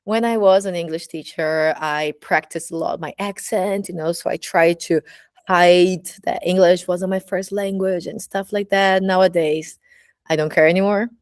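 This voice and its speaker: A woman's voice: lowish voice, steady tone, moderate pace, no room sound, clean studio sound. A woman with a Brazilian accent, a burlesque teacher speaking candidly in a casual personal monologue, full of "you know, like" fillers.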